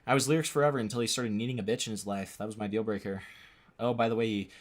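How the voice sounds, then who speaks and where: A man's voice: lowish voice, fairly even intonation, rapid-fire. A young man streaming live, reacting to a clip with incredulous, swearing commentary that repeats itself.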